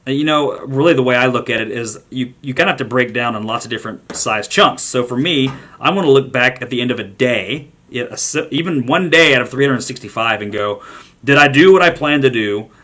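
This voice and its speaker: A man's voice: mid-range voice, fairly quick, few pauses, fairly bright tone. A man hosting a short daily vlog, ranting emphatically and repeating himself for emphasis. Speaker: podcast host.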